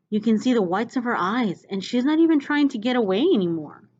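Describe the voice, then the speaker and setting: A woman reading a novel aloud chapter by chapter, with expressive, dramatic delivery. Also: fairly high pitch, fairly quick, few pauses, dull audio. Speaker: reader.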